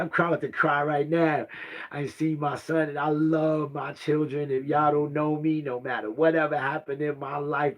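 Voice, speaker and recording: A man's voice: a little high, fairly bright tone. A man in his fifties telling a personal family story, rambling and repeating himself, often asking "right?" and sighing. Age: 50s. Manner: rambling and repetitive, often asks "right?" and sighs. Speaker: vlogger.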